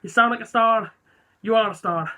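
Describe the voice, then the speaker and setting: An effusive talent judge with a put-on Irish accent, as a man performs him, raising his voice in emphatic praise. The tone rides high, louder and bright. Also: normal speed. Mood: gushing. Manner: gushing, emphatic. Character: impression of an emotional Irish male talent judge.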